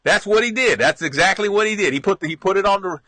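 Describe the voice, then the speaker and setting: A man's voice: high-pitched, fast talker, no room sound. A middle-aged man hosting a stream, reminiscing in a rambling, casual way with frequent laughs and restarts. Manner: rambling, lively, laughs often, restarts a lot. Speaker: live stream host.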